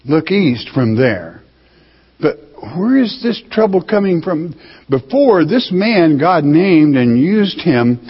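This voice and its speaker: A man preaches slowly and deliberately, his voice husky around the edges. He reads scripture aloud, then drives home its meaning bluntly. The recording is muffled, with a long reverb from the hall. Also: a little high, sing-song. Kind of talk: sermon.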